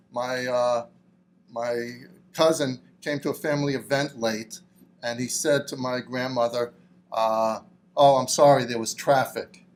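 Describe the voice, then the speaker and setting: A middle-aged man in an oral history interview, speaking reflectively and haltingly with frequent fillers. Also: mid-range voice, a little hiss or hum.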